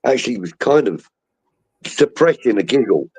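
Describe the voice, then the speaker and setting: A man's voice: medium pitch, sing-song, normal speed, darkish tone, slightly rough. A man co-hosting a casual chat over a video call, telling rambling football anecdotes and acting out the voices of others. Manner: rambling storyteller, acts out quoted voices. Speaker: podcast co-host. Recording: dull lo-fi stream audio.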